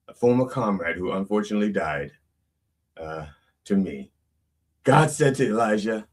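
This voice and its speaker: Male reverend host, comedic sermon, rambling and self-correcting, very animated pitch, sitting off-mic. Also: recorded from a distance.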